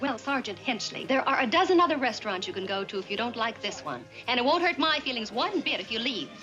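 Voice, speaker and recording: A spirited young waitress answers back with a brisk, tart good humor. Her voice is a bit high and lively. The old sitcom soundtrack sounds slightly dull, with music underneath. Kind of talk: 1960s TV sitcom acting.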